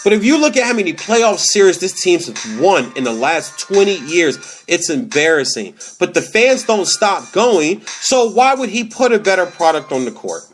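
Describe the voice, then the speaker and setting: High-voiced man ranting about sports. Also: moderate pace, hardly any pauses, faint music behind. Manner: animated, slangy, repeats phrases for emphasis. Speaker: comedy podcast host. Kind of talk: casual sports rant.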